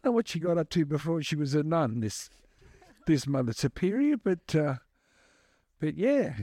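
A man's voice: fairly high pitch, sing-song, normal speed, mellow, dry recording. Chatty man telling stories. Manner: chatty, rambling, many restarts and fillers. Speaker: guest musician and advocate. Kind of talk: casual storytelling answers.

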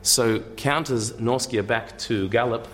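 A man of middling pitch talks through a lecture in a loose, conversational way, stumbling over and repeating words as he works out his point. He drops in wry asides along the way. A faint hum sits under the recording. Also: measured pace, a bit bright.

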